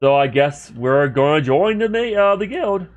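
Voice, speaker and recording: On dull-sounding audio, a man streams a role-playing game, his voice a little high and animated at a moderate pace. He chats casually with viewers between reading lines of game text, keeping up a relaxed livestream commentary.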